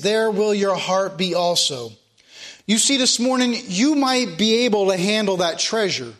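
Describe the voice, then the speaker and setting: A man's voice: high voice, fairly bright tone. A pastor giving a sermon to his congregation, reading scripture aloud and driving his points home with repetition.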